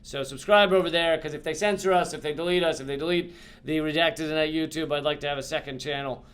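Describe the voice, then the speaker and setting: High-voiced, rambling, profane male commentator. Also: steady tone, quick pace, a bit bright. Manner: rambling, profane, impassioned, with many restarts. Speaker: host of a political commentary channel. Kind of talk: casual to-camera monologue.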